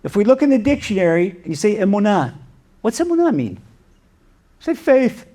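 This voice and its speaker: A man, a rabbi, giving a sermon, telling a parable in an animated way with rhetorical questions. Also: high-pitched, fairly quick. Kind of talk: sermon with storytelling.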